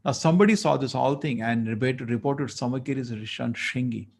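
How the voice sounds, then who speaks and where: A man's voice: mid-range voice, a little fast, vocal fry, darkish tone. A man giving a lecture at a temple. He tells a story conversationally and acts out the dialogue. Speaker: temple speaker.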